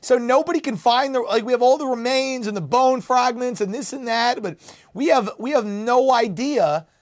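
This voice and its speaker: A man hosting a political talk show, firing off mocking rhetorical questions in a lively, animated way. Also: extremely high pitch, normal speed. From United States. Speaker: show host.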